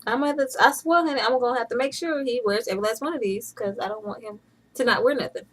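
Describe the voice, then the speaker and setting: A woman's voice: fairly high pitch, fast talker, poor audio. Chatty playful woman vlogger. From Atlanta, USA. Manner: chatty and playful, with bursts of laughter. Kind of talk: casual vlog chat.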